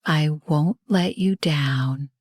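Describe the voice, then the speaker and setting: A woman voicing a kind, brave young girl in a soft whispered role-play. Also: deep voice, extremely slow, husky, dry recording, heavily acted. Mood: gentle. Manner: gentle, soft.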